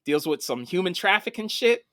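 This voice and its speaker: A man co-hosting a casual podcast, recapping TV episodes in an animated, profane storytelling way. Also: high voice, normal speed, no room sound, studio quality. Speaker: podcast co-host. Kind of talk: casual film and TV chat.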